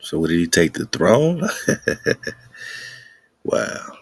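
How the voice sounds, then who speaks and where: Male radio host, very low voice, preachy slangy rants, dry recording. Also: sing-song, slow, slightly rough, no echo. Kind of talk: casual commentary.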